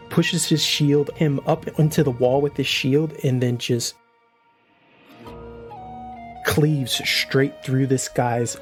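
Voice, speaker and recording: A man playing a tabletop game, casually describing his character's actions in vivid detail. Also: medium pitch. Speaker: player.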